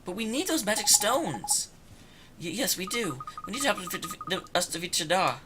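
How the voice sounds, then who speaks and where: A man's voice: high voice, sing-song, normal speed, heavy background noise, pitched above the performer's own voice. A man voicing an earnest, eager young boy hero in a video game, with a wide-eyed, slightly stammering manner. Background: game music.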